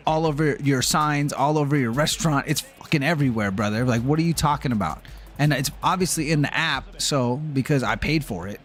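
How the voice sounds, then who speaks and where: Over soft background music, a man streams a football video game and chats casually, ranting through a heated story and swearing freely. His mid-range voice runs a little fast.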